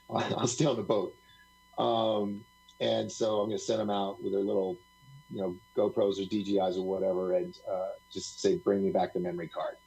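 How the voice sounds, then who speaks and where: There's a gravelly, low-set voice here, a man rambling through stories as a guest on a live stream. His tone is husky and breathy, and he laughs often and acts out other people's lines as he talks. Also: flat delivery, normal speed, mellow, rough recording. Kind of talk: casual storytelling on a live talk stream.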